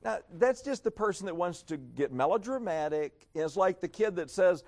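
A man preaching a sermon in an emphatic, sarcastic way, dropping to a hush and then rising again. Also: fairly high pitch, big pitch swings, normal speed, gravelly, hardly any pauses. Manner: emphatic, sarcastic, swings between loud and hushed.

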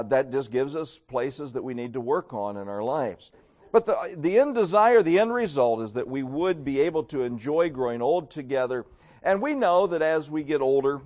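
A man's voice: mid-range voice, darkish tone. A middle-aged man preaching a sermon, telling folksy stories with acted-out quotes. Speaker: pastor.

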